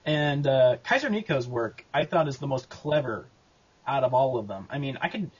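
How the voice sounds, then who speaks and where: Male guest, husky, mid-pitched, halting casual delivery full of fillers; muffled lo-fi audio. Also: lively intonation. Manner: rambling, halting, with many fillers and restarts. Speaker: abridged series creator and voice actor. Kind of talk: casual interview answers.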